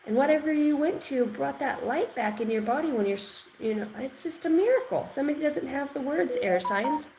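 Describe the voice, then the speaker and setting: A woman giving an intuitive tarot reading, rambling and excitable, repeating words and swearing now and then. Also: sits high, fairly quick, hardly any pauses, background noise. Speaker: tarot reader.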